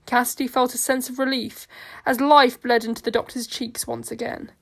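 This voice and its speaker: A woman narrating an amateur audio story in an earnest, steady way. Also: fairly high pitch, moderate pace, creaky.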